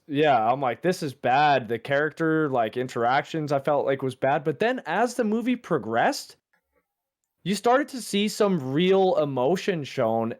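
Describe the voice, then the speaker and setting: A man co-hosting a casual podcast, sharing laid-back, profane opinions in a relaxed chat. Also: medium pitch. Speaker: podcast co-host.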